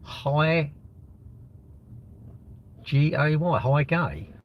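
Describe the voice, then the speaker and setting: A man's voice: mid-range voice, animated, moderate pace, long pauses, muffled recording, a little hiss or hum. A man chatting casually on a live stream, reading viewers' comments aloud and mocking trolls bluntly.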